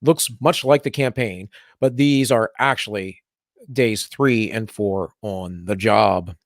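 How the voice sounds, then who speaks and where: On a live talk show, a man with a lowish voice reads news headlines at a slow pace and pokes fun at them sarcastically, now and then adopting mocking voices. The banter is casual and political, and the studio sound is clean with no echo.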